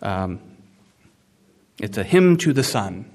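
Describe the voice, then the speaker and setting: Animated male preacher with emphatic peaks. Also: on the low side, takes it slowly. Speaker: pastor. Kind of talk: sermon.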